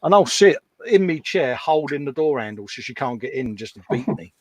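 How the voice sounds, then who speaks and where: A man's voice: mid-range voice, expressive, a little fast, a little hiss or hum. A middle-aged Englishman hosting a live stream, bantering in a self-mocking, joking way and laughing often. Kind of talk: casual banter.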